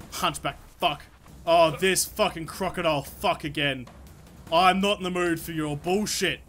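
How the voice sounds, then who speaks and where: Bright, high, swearing young gamer man. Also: moderate pace, soft background music. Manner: excitable, swears constantly, talks to the game's creatures. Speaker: let's play host. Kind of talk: live gameplay commentary.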